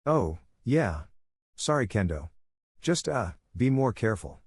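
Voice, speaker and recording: A man's voice: fairly low pitch, big pitch swings, measured pace, darkish tone, slightly rough, dry recording, clean studio sound, heavily acted. A man voicing a cocky, oblivious teenage boy with a steel body, talking in a brash, careless way.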